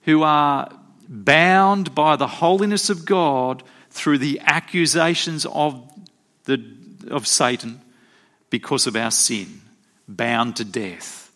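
A man preaching a sermon, telling stories and acting out quotes with animated delivery. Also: takes it slowly. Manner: animated storytelling, acts out quotes with rising pitch.

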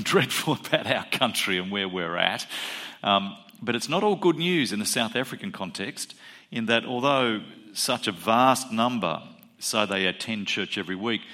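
A man's voice: on the low side, bright, forceful tone. A man, a pastor speaking to his congregation in a conversational sermon, repeating figures for emphasis. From Australia.

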